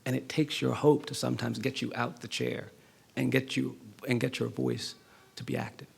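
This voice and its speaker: A middle-aged man, a law professor, gives a public lecture and tells a personal story in an earnest, measured way with rising emphasis. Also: medium pitch, steady tone, creaky, breathy edge. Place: lecture hall.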